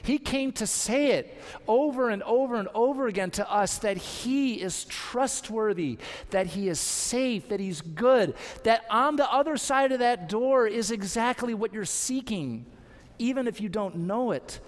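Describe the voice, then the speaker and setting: A pastor delivers his sermon in a high, lifted voice, leaning hard on key words with deliberate pauses. He takes his time over each phrase. The sound rings out with a long reverb from the hall. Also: expressive. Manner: earnest, emphatic preaching with deliberate pauses.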